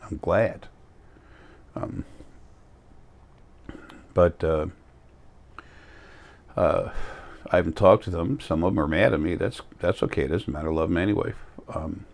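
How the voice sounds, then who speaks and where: A man with a very deep, low-pitched voice talks straight to camera in a loose, rambling monologue. He sounds tired, blunt and defiant, brushing off criticism in plain words. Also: creaky, darkish tone. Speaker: vlogger.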